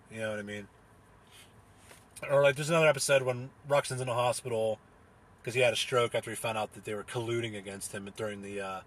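A man's voice: mid-range voice, a bit bright, slight background noise. A young man chatting casually, rambling with lots of fillers and restarts, laughing and swearing as he recounts things. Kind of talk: casual solo chat recounting a comedy show.

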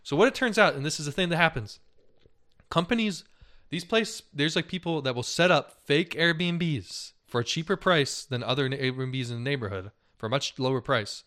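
A man's voice: on the high side, normal speed, a bit bright. Chatty young man with loose filler talk. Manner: loose and chatty, heavy on "like" and "dude", laughs often. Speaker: podcast co-host. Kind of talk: casual chat, retelling news stories.

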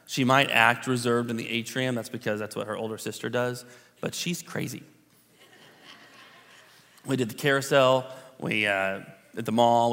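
A man in his thirties, a pastor telling a personal story in a relaxed, conversational sermon with many fillers and restarts. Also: mid-range voice. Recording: long hall reverb.

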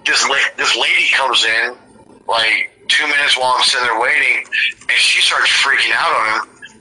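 Bright-voiced profane young man. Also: medium pitch, normal speed, slightly rough, poor audio. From Seattle area, US. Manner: profane, rambling, animated storyteller. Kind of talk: casual storytelling chat.

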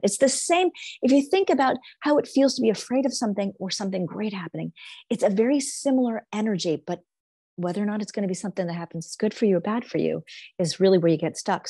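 A woman's voice: mid-range voice, mellow, slightly rough, no echo, studio quality. A woman manifestation coach explaining her ideas with enthusiasm as a podcast guest. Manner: enthusiastic, explanatory, casual fillers. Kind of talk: podcast interview.

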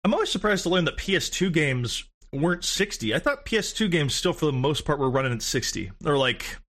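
Bright-voiced American man, joking and profane. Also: fairly high pitch, very animated, fairly quick. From United States. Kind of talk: casual chat.

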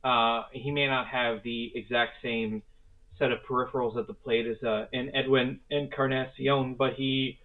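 A man's voice: mid-range voice, little pitch movement, moderate pace. A man co-hosting a casual sports podcast, talking in an enthusiastic, rambling way with casual swearing. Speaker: podcast co-host. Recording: phone-like narrow sound.

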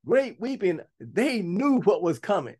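A man's voice: sing-song, a little slow, breathy edge. A man preaching a sermon, reading scripture aloud and breaking off to comment and stress his points. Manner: bursts to high, loud emphasis at times.

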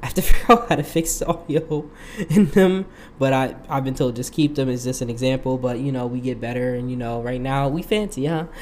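A man's voice: medium pitch, steady tone, brisk, a little mellow, a little hiss or hum. A young man hosting his own podcast, talking casually in a rambling way and laughing often. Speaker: podcast host. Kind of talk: casual solo podcast monologue.

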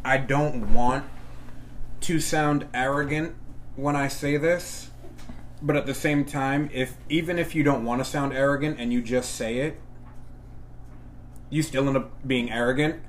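A middle-aged man co-hosting a podcast, chatting casually in a profane, joking, animated way. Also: medium pitch, measured pace, long pauses, a little hiss or hum. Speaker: podcast co-host.

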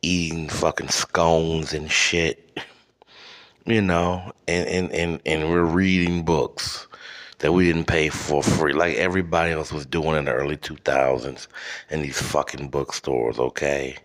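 A man hosting a podcast, delivering a rambling, profane comedic rant with halting restarts. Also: very deep voice, steady tone, fairly bright tone. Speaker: podcast host.

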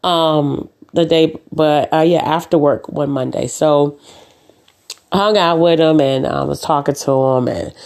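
A woman hosts her own podcast, casually telling personal stories and acting out the back-and-forth of her conversations, with frequent "um"s and "uh"s. Her voice is low, creaky, and darkish in tone, and she takes her time.

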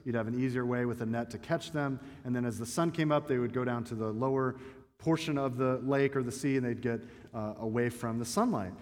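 A man's voice: mid-range voice, fairly quick, a little mellow. A man preaching a sermon to a congregation in a conversational, joking way. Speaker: pastor. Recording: long hall reverb.

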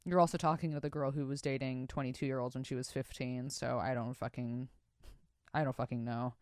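A young woman hosts a casual podcast, reading out listener stories and cutting in with profane, animated reactions. Her voice sits low and sounds smooth and clear, recorded dry and close. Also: a little fast, dry recording. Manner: profane, animated, laughs and comments while reading stories aloud.

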